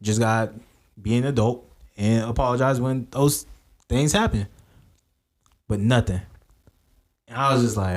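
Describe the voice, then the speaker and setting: A man's voice: medium pitch, a little slow, pauses often. A man co-hosting a podcast, telling a story in casual chat and acting out the quoted lines. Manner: animated storyteller who acts out quoted lines. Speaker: podcast co-host.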